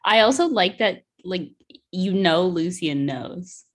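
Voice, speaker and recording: A woman chatting about a book on a podcast in a slow, drawn-out way. Her voice is husky and breathy. She hedges her points with lots of fillers. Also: fairly low pitch, expressive. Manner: unhurried, hedging with fillers. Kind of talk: casual chat.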